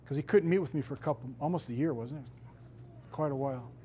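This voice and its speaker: A middle-aged man, a pastor, preaching a sermon with emphatic, drawn-out stresses on key words. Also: medium pitch, mellow, a little hiss or hum.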